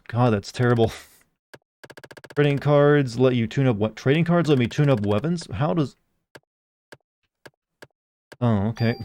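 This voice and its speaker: A young man chats his way through a game on a live stream, rambling and answering chat messages as they come in. His voice sits in a mellow, relaxed register. A faint hiss of noise runs under the recording. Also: medium pitch. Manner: chatty, rambling, reads chat aloud. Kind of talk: casual live-stream commentary.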